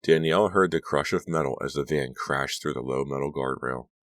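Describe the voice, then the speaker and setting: A man narrating a suspense audiobook with measured, dramatic storytelling. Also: a bass voice, no echo, studio quality. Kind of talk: scripted narration.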